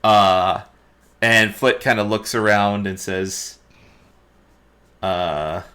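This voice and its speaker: Slow, low-voiced man running a tabletop game. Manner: relaxed, unhurried narration with hesitations. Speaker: dungeon master.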